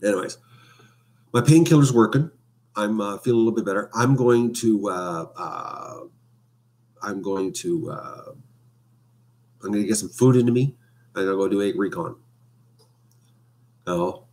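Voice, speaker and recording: A man chats on a home live stream over a webcam mic. His voice sits somewhat low, and he rambles, trailing off into fillers as he talks. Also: unhurried, pauses often, darkish tone. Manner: rambling, hesitant with many fillers. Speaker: vlogger. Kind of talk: casual live stream chat.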